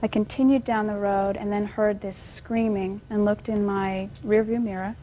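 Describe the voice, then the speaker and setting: A woman's voice: mid-range voice, steady tone, moderate pace, dark tone, slight background noise, low-quality recording. A woman defendant giving plain, matter-of-fact answers in a courtroom. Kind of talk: courtroom testimony.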